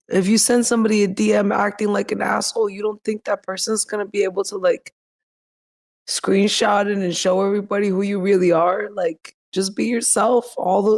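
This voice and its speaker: Woman, hoarse, gravelly, blunt teasing, casual chat. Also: medium pitch, little pitch movement, normal speed, darkish tone. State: hoarse, losing her voice. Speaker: community member on a live audio room.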